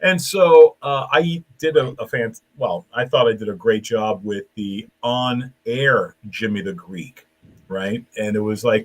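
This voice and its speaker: A man who hosts the show and works as a comedian, telling anecdotes in an animated, casual way. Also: mid-range voice. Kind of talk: casual chat.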